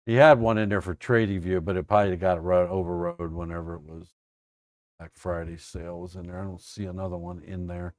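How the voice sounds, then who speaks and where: A man with a fairly low voice hosts a casual live trading chat. He jokes and teases as he goes. The sound is close and dry. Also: fairly even intonation, brisk, no room sound. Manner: joking, playful, teasing. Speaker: trading coach host.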